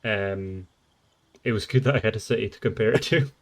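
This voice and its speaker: Low-voiced man playing a tabletop game. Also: a little fast. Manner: hesitant, lots of fillers and repeats. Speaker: player. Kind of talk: casual tabletop game chat.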